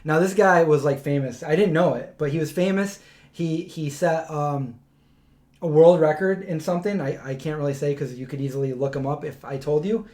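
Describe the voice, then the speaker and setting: A man with a somewhat high voice hosts a relaxed live-stream chat. He tells long, rambling stories full of restarts and quotes he acts out. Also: normal speed. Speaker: host.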